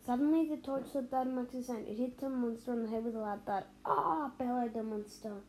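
A woman reads a children's story aloud in a fairly high, warm voice. She is expressive and leans into dramatic pauses and playful sound words. Faint noise hums underneath. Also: low-quality recording.

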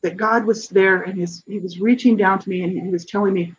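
Middle-aged guest talking about their life, kinda husky, lots of restarts, muffled lo-fi sound. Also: mid-range voice, fairly even intonation. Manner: earnest, halting, with frequent restarts and fillers. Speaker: guest author. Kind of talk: personal testimony in an interview.

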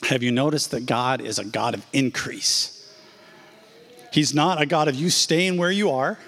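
A man's voice: medium pitch, unhurried, fairly bright tone, long reverb tail. A pastor in his sixties preaching a sermon in a church, emphatic, stacking repeated phrases and dropping in casual asides. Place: church sanctuary.

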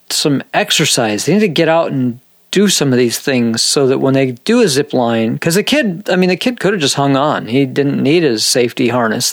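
A man from Minnesota hosting a podcast, rambling through jokey stories and chatting casually with his co-host. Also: on the high side. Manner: rambling, jokey storytelling with laughs.

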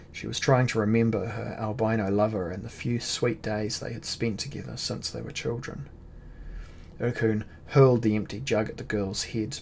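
Male audiobook narrator, lowish voice, measured dramatic reading, faint noise. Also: creaky.

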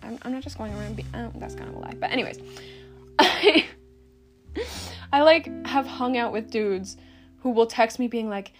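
A woman's voice: a little high, moderate pace, long pauses, soft background music. A young woman hosting a casual solo podcast, ranting bluntly and sarcastically with lots of swearing and laughter. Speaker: podcast host.

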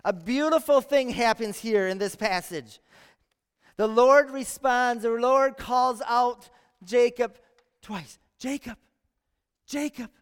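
Very high-voiced male pastor preaching. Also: slow pace, smooth. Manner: earnest preaching with rhetorical questions and repeated phrases. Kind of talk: sermon. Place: church sanctuary. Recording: long church hall reverb.

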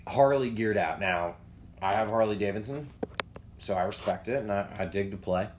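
A man's voice: lowish voice, moderate pace, noisy background. A young man co-hosting a podcast, telling rambling, profane stories in casual chat. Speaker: podcast co-host.

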